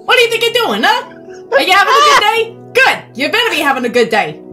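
A woman's voice: very high-pitched, wildly swooping pitch, fast, bright, forceful tone, faint music behind, pitched above the performer's own voice, heavily acted. A woman putting on a sarcastic, tough-talking man's voice with a Brooklyn accent. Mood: mock-tough. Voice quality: overly sarcastic, brash.

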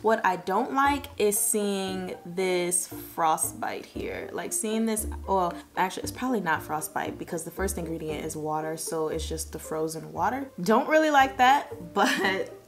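A woman talks through a casual taste-test vlog in a chatty, candid way. She repeats words and slips in fillers as she reacts. Faint music plays softly behind her. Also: lowish voice, lively intonation, a little slow. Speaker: product reviewer.

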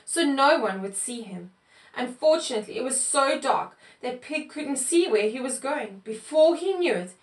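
A woman with a high voice reads a children's picture book aloud at an unhurried pace, expressive and clear in her storytelling. The room adds a noticeable echo, and she sits some way from the mic. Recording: echoey room, mic far off.

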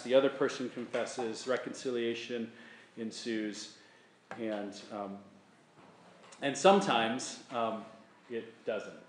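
A man's voice: medium pitch, roomy sound, a little hiss or hum. A man preaching a sermon as a pastor, earnest, repeating his key points and acting out sample apologies. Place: church sanctuary.

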